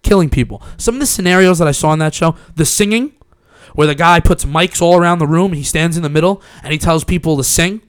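A man's voice: fairly high pitch, quick pace, clean tone, no echo. A young man co-hosting a casual podcast chat, telling rambling, profane stories with laughs into a studio mic. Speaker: podcast co-host.

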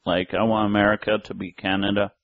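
A man's voice: fairly low pitch, level tone. A man co-hosting a casual podcast with wry, laughing remarks. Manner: slow, wry, laughs often. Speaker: podcast co-host. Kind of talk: casual group chat. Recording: dull lo-fi sound.

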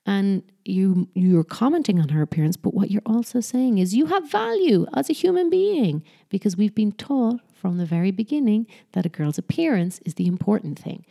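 A woman's voice: medium pitch, expressive, normal speed, hardly any pauses, warm tone. A woman giving parenting advice in a casual, chatty talk, often correcting herself mid-sentence. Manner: chatty, self-correcting, slips into mock sing-song voices when quoting.

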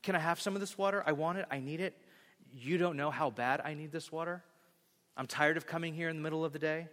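A man voicing a weary outcast woman who pleads for water, his voice growing soft, in a hall with a long reverb. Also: fairly high pitch, steady tone, fast, lightly acted. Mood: pleading.

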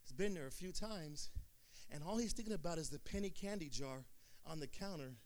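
A man preaching a sermon, telling a story in a calm low voice and then building up to sing-song shouted climaxes. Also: a little fast. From Sacramento area.

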